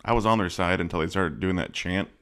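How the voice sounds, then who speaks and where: A low-pitched man co-hosting a casual movie podcast. He talks with wry, sarcastic asides and often lets his lines trail off into a quiet mutter. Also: quick pace, clean tone. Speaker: podcast co-host. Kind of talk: casual chat.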